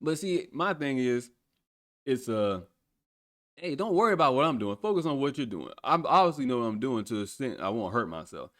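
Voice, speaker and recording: A man in his thirties telling stories in a casual, colloquial chat, animated and often laughing, with the odd swear word. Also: mid-range voice, a little fast. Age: 30s.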